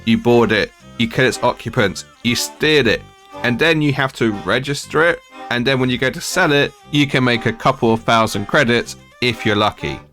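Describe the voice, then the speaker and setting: A man's voice: mid-range voice, normal speed, fairly bright tone, soft background music. A man from the United Kingdom giving a ranting game review as a gaming video creator, with exasperated, mocking complaints.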